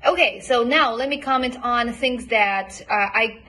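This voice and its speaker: Bright-voiced woman coach. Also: a little high, slight background noise. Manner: encouraging, models pronunciation by repeating words slowly. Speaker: accent coach. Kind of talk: recorded homework feedback.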